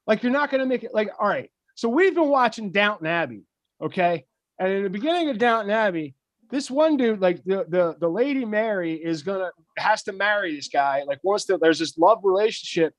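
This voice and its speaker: A man with a notably high voice rambles excitedly through a story, tripping over his own restarts. The sound is dry and close, with no room around it. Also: fairly quick, no room sound. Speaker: podcast co-host. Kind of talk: casual chat.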